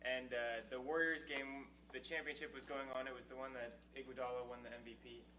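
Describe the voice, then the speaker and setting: A young man in his twenties tells a rambling story on a podcast, stumbling over his words. His voice is bright and sits at an ordinary pitch. It sounds picked up from a distance, with a faint hum behind it. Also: level tone, a little fast. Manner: rambling storyteller with many false starts. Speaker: podcast co-host. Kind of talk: casual chat. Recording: distant mic in an echoey room with faint hum.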